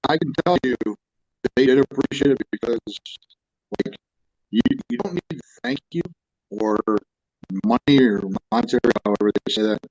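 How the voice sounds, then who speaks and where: A man's voice: medium pitch, animated, normal speed, pauses often, a little mellow, highs cut off, slight background noise. A plainspoken man, a wrestling promoter and trainer, talking casually and a little choked up. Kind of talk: casual chat.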